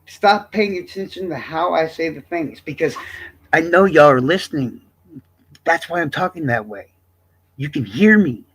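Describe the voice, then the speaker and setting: Male streamer in his fifties, high voice, swinging pitch, profane and cocky. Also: expressive, moderate pace, fairly bright tone. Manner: profane, boastful, combative. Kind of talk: livestream rant to chat.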